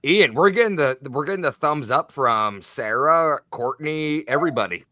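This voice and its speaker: A man's voice: fairly high pitch, animated, moderate pace, bright, forceful tone, dry recording. A man hosting a livestream, reading viewer names from the chat in an upbeat way.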